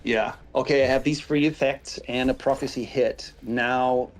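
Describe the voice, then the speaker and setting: A man's voice: mid-range voice, normal speed. Easygoing man guesting, music behind. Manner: relaxed, agreeable, thinks aloud. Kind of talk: casual chat.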